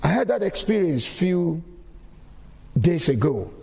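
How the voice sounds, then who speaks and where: A man's voice: fairly high pitch, big pitch swings, takes it slowly, vocal fry, dark tone, slightly rough, big-room sound. A man giving a sermon-style testimony in a church, repeating key phrases as he preaches.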